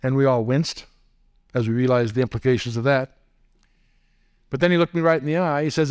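A man's voice: mid-range voice, steady tone, fairly quick, long pauses, clean tone. A man giving a teaching lecture as a Bible teacher, posing rhetorical questions and dropping wry asides. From United States.

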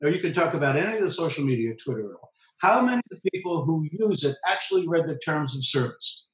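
A man's voice: a little high, expressive, fast, echoey room, poor audio. A man, a professor and journalist, explaining his points in an emphatic, lecturing way during a conversation. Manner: lecturing, emphatic, repeats key phrases. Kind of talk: conversational discussion.

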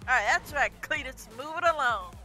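A woman streaming a driving game, swearing and shouting at other drivers and laughing often. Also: high-pitched, lively intonation, a little fast. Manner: brash, profane, yelling at other drivers. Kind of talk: casual gameplay commentary. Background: game music.

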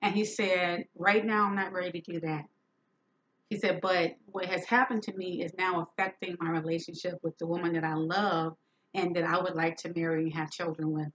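A woman's voice: lowish voice, level tone, normal speed, a bit bright. A woman hosting a talk show, telling a story in an emphatic, indignant way and acting out the quoted dialogue. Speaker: podcast host. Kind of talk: storytelling monologue. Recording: dull lo-fi sound.

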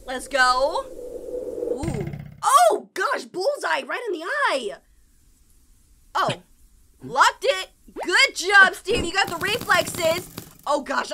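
A young woman reacting to animations, excitable and gushing, with squealing exclamations. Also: high voice. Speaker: reaction video host. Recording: noticeable background noise.

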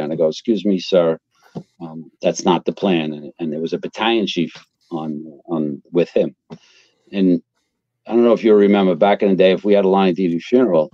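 A man's voice: low-pitched, normal speed, no room sound. An older man from Queens, a retired fire captain telling blunt, profane stories as an interview guest. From Queens, New York. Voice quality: blunt, profane, animated storyteller. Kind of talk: casual storytelling interview. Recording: dull lo-fi sound.

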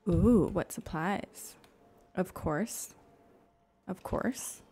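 A woman giving soft, gushing commentary while playing a cozy video game at home, often gasping and dropping into whispers. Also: fairly low pitch, very slow, husky. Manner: soft, gushing reactions, gasps and drops to whispers. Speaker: gaming YouTuber. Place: home room.

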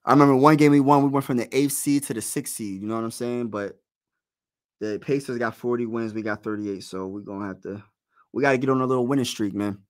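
A man's voice: medium pitch, quick pace. Give me a man hosting a casual live play-by-play stream. He's hyped and slangy, cheering on his team, and he calls out viewers in his chat. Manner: excited partisan, slangy, talks to chat. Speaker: livestream play-by-play host.

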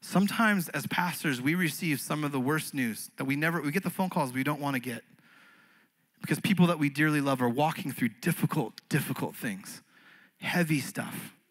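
A man preaching as a pastor, earnest, swinging between fervent rises and quiet, intimate passages. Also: on the high side, moderate pace, poor audio. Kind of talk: sermon. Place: church stage.

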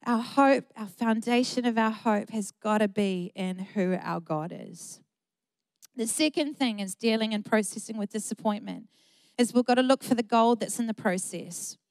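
A woman's voice: on the high side, normal speed, dry recording. A middle-aged woman pastor, preaching an earnest, emphatic sermon with repeated phrases.

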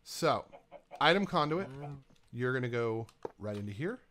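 A man's voice: mid-range voice, sing-song, a little slow, a bit bright, slight background noise. A man casually talking through his game as he plays, chatting to himself and to the items he places. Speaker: gaming YouTuber. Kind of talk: casual let's-play commentary.

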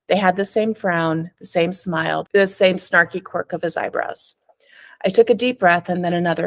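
A woman's voice: gravelly, no echo. A woman author, reading her own fiction expressively over a video call from home, then chatting. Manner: expressive reader with sharp rises in pitch on dialogue. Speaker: author and guest. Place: home with a cat.

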